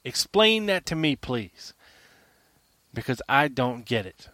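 A man's voice: medium pitch, sing-song, slow, pushed and bright, dry recording. A man hosting a podcast alone, arguing his case emphatically and firing off repeated rhetorical questions. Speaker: podcast host. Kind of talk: argumentative solo monologue.

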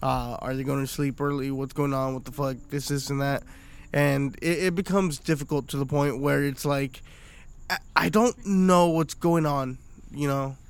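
A man in his thirties chatting casually on a podcast, swearing freely, animated and laughing often. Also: medium pitch, normal speed, clear, resonant tone. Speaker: podcast co-host.

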